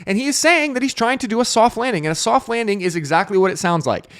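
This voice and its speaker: Brief: male crypto show host, rapid-fire and energetic, raised pitch, talks to camera. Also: clear, resonant tone, no room sound, studio quality. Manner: energetic, repetitive, frequent "right?" tags. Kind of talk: casual market commentary to camera.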